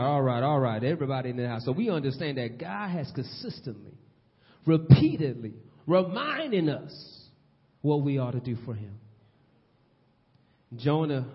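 A man preaching a sermon in a church, swinging between loud and hushed delivery. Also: medium pitch. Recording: long hall reverb, dull lo-fi sound.

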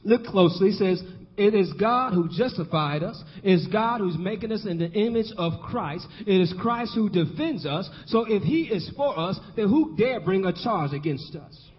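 A man with a high voice preaches with a rolling rhythm, repeating himself and climbing to shouts. The sound is dull and lo-fi, carried by a long church-hall reverb. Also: expressive, moderate pace. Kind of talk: call-and-response sermon.

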